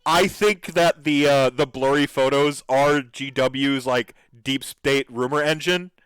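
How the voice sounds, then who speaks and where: A man's voice: medium pitch, a little slow, a bit bright, smooth, dry recording. A man hosting a podcast, reacting to videos in an enthusiastic, rambling way with lots of fillers. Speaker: podcast host. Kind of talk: casual commentary reacting to videos.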